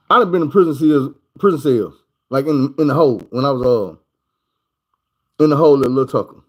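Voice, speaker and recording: A man's voice: mid-range voice, fast talker, rough recording. A man from Arkansas with a Southern accent telling stories in a loose, profane, repetitive way in a casual monologue. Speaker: vlogger.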